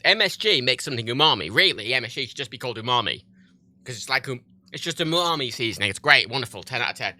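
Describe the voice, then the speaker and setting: Sharp-voiced, profane streamer rambling animatedly. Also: male voice, mid-range voice. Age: 30s. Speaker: livestreamer. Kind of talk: casual livestream chat while gaming.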